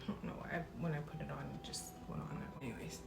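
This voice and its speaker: A woman's voice: low voice, lively intonation, rapid-fire, gravelly. A woman in her thirties, a mother of four, chatting casually and upbeat straight to camera while tired. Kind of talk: casual vlog chat. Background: music.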